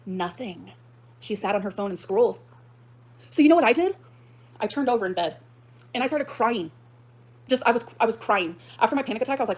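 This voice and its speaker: A young woman ranting on a livestream, talking very fast and heated, full of profanity. Her voice sits a little high and jumps to shouting when she is worked up. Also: lively intonation, breathy edge. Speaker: livestreamer reading and reacting to a post. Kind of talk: emotional livestream rant.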